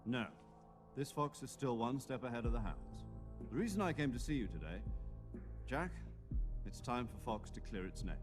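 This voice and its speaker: An actor playing a veteran male military commander, calmly briefing and leading in a video game cutscene. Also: mid-range voice, moderate pace, long pauses, lightly acted. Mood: grave. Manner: calm, authoritative briefing. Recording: game audio over loud music.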